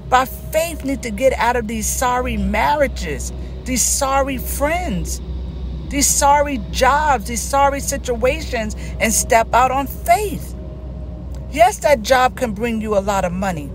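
A woman's voice: on the high side, a little hiss or hum. A middle-aged woman with a Southern US accent, giving an informal sermon with emphatic repetition. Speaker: Christian teacher.

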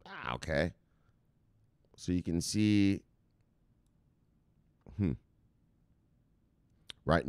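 A deep, gravelly, somewhat mellow and smooth male voice, recorded dry with clean studio sound. He hosts a crypto news channel, rambling casually as he reacts to market charts, swearing a lot and getting hyped in live market commentary.

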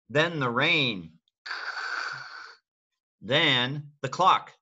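Older man, grandfatherly bedtime reader, slow and bright, playful sound effects, coaxes kids along. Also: fairly high pitch, lively intonation, dull audio. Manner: playful, coaxing children to copy animal and sound effects. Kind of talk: read-aloud bedtime story.

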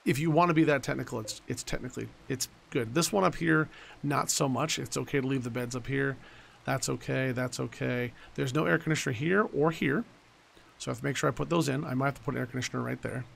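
Guy in his 40s rambling over a strategy game, super gravelly fry, swears a lot, kinda hissy recording. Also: medium pitch, quick pace, fairly bright tone. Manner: blunt, swears freely, rambling asides. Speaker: gaming YouTuber. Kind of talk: casual let's-play commentary.

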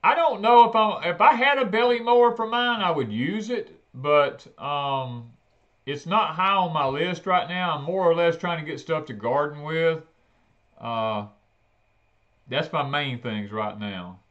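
A man chatting on a homestead livestream, telling stories in a folksy way that turns loud and heated. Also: on the high side, unhurried. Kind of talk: casual live chat. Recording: dull lo-fi livestream audio.

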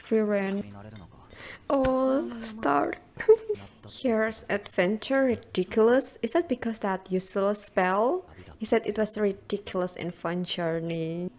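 A young woman with an Indonesian accent reacting to an anime episode, excitable, mixing English with Indonesian and breaking into gasps and cheers. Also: medium pitch, measured pace. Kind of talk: live reaction commentary.

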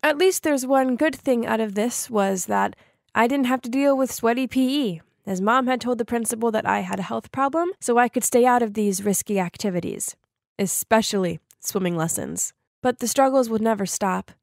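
Woman, fairly high voice, dry close recording, confessional storytelling narrator. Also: moderate pace, creaky, no room sound. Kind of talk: first-person animated story narration.

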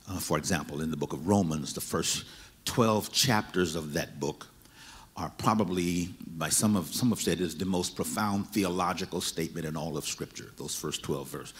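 A man's voice: low voice, slightly rough. A man preaching a sermon as pastor, repeating and stressing his words as he builds emphasis. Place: church sanctuary. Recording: reverberant church hall.

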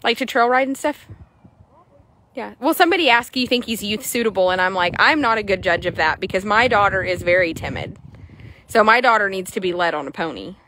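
A woman, chatting excitably to viewers while showing a horse for sale in an arena. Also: mid-range voice, fairly quick, a little hiss or hum. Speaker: horse seller. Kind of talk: casual sales chat while riding.

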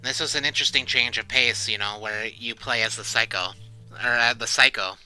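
Young guy doing horror let's play commentary, really bright clear voice, panicky and sweary then rambly. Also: mid-range voice, steady tone, normal speed, faint music behind, rough recording. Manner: panicky shouting and swearing while playing, then casual rambling review. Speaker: gaming channel host.

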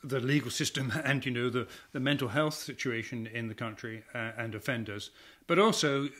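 A man's voice: medium pitch, normal speed, a bit bright. A man hosting an interview at a book event, speaking hesitantly with many fillers. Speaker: festival event host.

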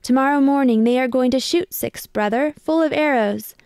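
A woman's voice: sits high, normal speed, a little mellow, clear, resonant tone, no room sound, clean studio sound. A woman reading a picture book aloud, voicing a far-seeing young brother who calls out in alarm. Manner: exclaiming in alarm.

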